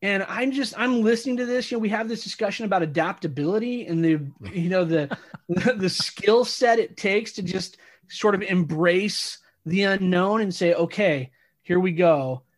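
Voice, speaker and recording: A man with a somewhat high voice co-hosts a casual interview podcast. He reflects aloud, often restarting his sentences as he works through his thoughts. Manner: reflective, halting, many restarts. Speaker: podcast co-host.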